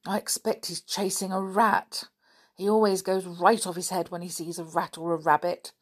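A woman reading the part of George, a tomboyish girl who owns the dog, in a brisk, fond way. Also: lowish voice, level tone, breathy edge.

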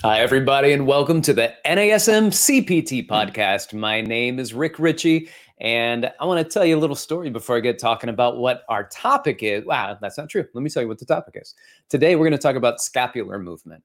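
Male podcast host and fitness educator: mid-pitched and expressive, conversational storyteller. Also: a little fast. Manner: animated, storytelling, conversational with fillers.

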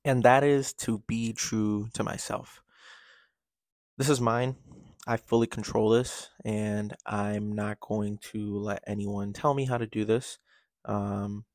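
A man's voice: on the low side, a little mellow, no echo. A man hosting his own podcast, talking candidly in a rambling solo monologue full of fillers and restarts. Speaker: podcast host.

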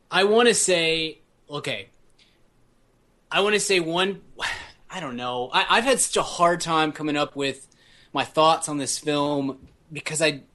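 Male co-host, higher bright tone, halting and thoughtful delivery. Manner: hesitant, searching for words. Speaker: podcast co-host. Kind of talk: casual podcast chat.

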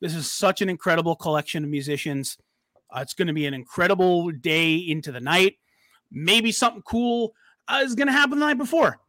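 Bright-voiced hyped podcast host man. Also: sits high, brisk, no room sound, studio quality. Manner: excited, hyped promo talk. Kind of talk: casual chat.

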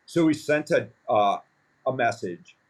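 A man in his fifties, a company founder, telling stories in a casual interview, rambling and animated with many fillers. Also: medium pitch, measured pace. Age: 50s.

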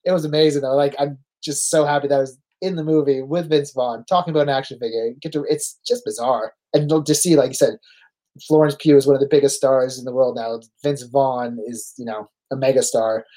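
A Canadian man in his forties chats as a podcast guest, spinning animated anecdotes. He slips into quoted voices and laughs easily, with a middle-pitched voice. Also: a little fast. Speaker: guest, veteran pro wrestler. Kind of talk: casual storytelling chat.

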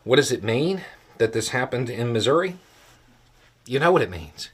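A man's voice: medium pitch, sing-song, moderate pace, breathy edge. A man hosting a solo political commentary show, talking in a conversational, dry way with emphatic stresses.

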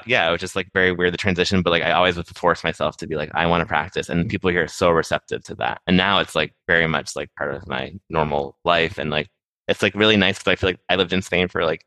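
Fast-talking low-voiced man, chatty. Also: sharp tone, no echo. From Massachusetts, USA. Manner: rapid, rambling, heavy use of "like", quick laughs. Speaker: podcast guest. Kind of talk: casual conversation.

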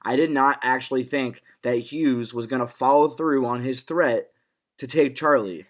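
A man talks through a TV episode on a casual podcast. He gets worked up, swears freely and stumbles over his own restarts. His voice sits at an ordinary middle pitch for a man. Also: normal speed. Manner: excitable, swears freely, restarts phrases often. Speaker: podcast co-host. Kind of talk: casual TV recap discussion.

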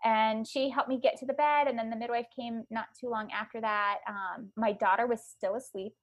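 A woman's voice: on the high side, fairly even intonation, moderate pace. A woman in her thirties, a podcast guest, casually telling her birth story with many likes and ums.

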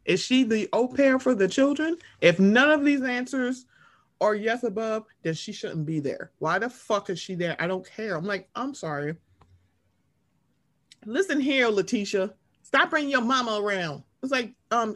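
A woman's voice: fairly high pitch, animated, moderate pace. A woman co-hosting a casual recap podcast, blunt and sassy, cursing freely. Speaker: podcast co-host.

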